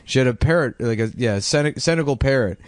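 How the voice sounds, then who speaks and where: Crude, animated comedy podcast man. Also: mid-range voice, a little fast, dry recording. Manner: crude, rambling storyteller. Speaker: podcast co-host. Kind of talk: casual comedy chat.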